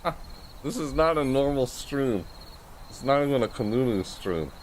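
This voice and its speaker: A man's voice: mid-range voice, moderate pace, a little hiss or hum. A man live-streaming from his bedroom, chatting casually and repetitively to viewers while lying on his bed, with his microphone gain turned all the way up. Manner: rambling, repetitive, animated, often yelling to chat. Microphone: desk mic with gain turned all the way up.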